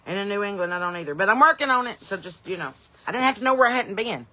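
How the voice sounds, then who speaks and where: Woman comedian, crisp and sharp-toned, runs a casual live stream from her porch with an upbeat, folksy flow. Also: mid-range voice, animated, racing. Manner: folksy, upbeat, bursts of loud welcomes between rambling asides. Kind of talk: chatty live-stream greetings to viewers. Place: home porch in the evening.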